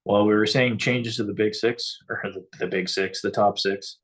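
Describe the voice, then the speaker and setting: A man with a low, husky voice talks through a hockey game in a relaxed, offhand live-stream chat. He drops dry asides between his opinions. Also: normal speed. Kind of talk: casual hockey watch-along chat.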